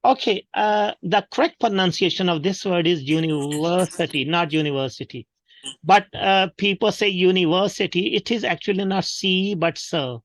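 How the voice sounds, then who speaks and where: A man's voice: high voice, moderate pace, hardly any pauses, no room sound. A man with a Pakistani English accent, teaching pronunciation in an online workshop and drilling words for the class to repeat. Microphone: video call.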